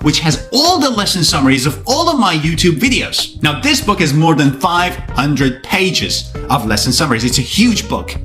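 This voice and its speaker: A male English teacher giving a vocabulary lesson straight to camera. His pitch sits a little high and leaps about constantly, and he keeps things playful with joking asides. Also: fairly bright tone.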